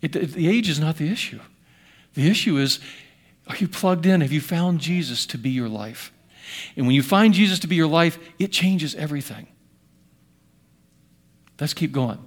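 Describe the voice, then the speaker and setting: A man in his sixties preaching a sermon in an earnest voice, rising to loud emphasis and dropping to hushed asides. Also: on the high side, animated, moderate pace, pauses often. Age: 60s. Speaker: pastor.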